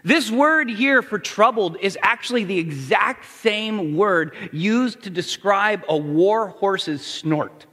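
High-voiced preacher in an echoing hall. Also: male voice, lively intonation, takes it slowly, few pauses. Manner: builds to forceful, near-shouting emphasis. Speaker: pastor. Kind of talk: sermon.

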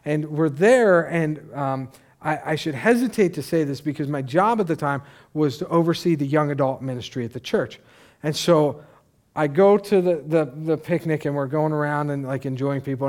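A middle-aged male pastor delivering a sermon with a slightly raised pitch. He talks conversationally and tells stories with lively asides. He often restarts his sentences. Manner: conversational, animated storytelling with asides. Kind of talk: sermon with storytelling.

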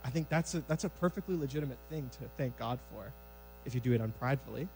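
A man preaching a sermon in a church sanctuary, conversational and lively, acting out scenes from scripture. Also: mid-range voice, quick pace, soft background music, poor audio.

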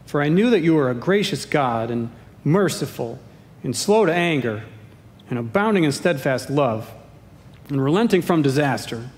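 A man's voice: expressive, moderate pace, natural voice. Man reading as a whiny toddler-like grown man. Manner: petulant, complaining. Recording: echoey hall, faint rumble.

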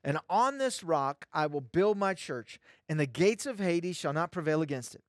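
A man's voice: a little high, animated, normal speed, no room sound, clean studio sound. A male pastor preaching a sermon, emphatic and repeating phrases for stress.

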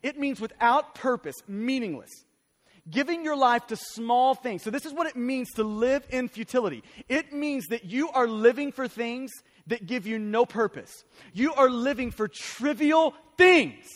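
Male preacher, very high pitch, emphatic sermon, reverberant sanctuary. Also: expressive, moderate pace. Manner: emphatic, urgent preaching with repeated phrases. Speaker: pastor. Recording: long hall reverb.

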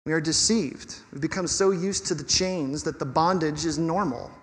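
Animated preacher in a reverberant hall. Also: male voice, a little high, normal speed. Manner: conversational, animated preaching with rhetorical questions. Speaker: pastor. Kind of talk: sermon.

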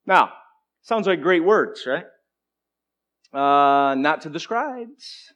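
A man preaching a sermon, moving between emphatic declarations and hushed, conversational asides to the congregation. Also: a little high, expressive, very slow. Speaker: pastor.

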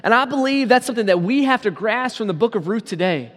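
A pastor with a fairly high, expressive voice and a fairly bright tone preaches a sermon, pressing listeners with many rhetorical questions and slowing down for emphasis. A long reverb rings around him, like a large church hall.

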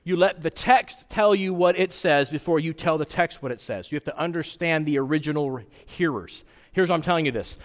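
A man with a fairly high voice preaches to his congregation, talking in a relaxed, conversational way and often checking in with a quick rhetorical question. His voice carries a long reverb, as if it fills a large church sanctuary. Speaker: pastor. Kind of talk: sermon.

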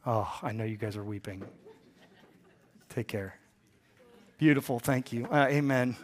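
A man in his forties, hoarse from a bout of bronchitis, preaches to his congregation. He mixes playful asides with loud, emphatic peaks. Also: mid-range voice, measured pace, long pauses. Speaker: pastor. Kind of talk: sermon.

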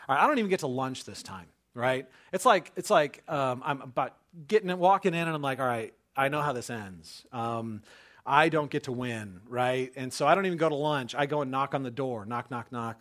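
A man in his thirties delivers a sermon in a loose, conversational voice that sits a little high. He moves between low, quiet asides and loud, emphatic calls from the pulpit. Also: expressive, normal speed. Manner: conversational storyteller, building to emphatic preaching. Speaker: pastor. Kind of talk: sermon with personal story.

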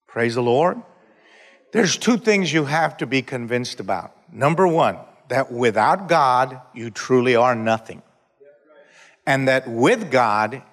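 A pastor preaching a sermon, leading the congregation in call-and-response and breaking into shouts. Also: male voice, medium pitch, animated, takes it slowly. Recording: reverberant church hall.

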